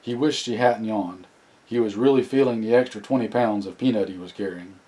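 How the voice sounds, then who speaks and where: A man narrating an audiobook in a plain, steady reading with occasional restarts. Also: on the low side, fairly quick, rough recording. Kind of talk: scripted narration.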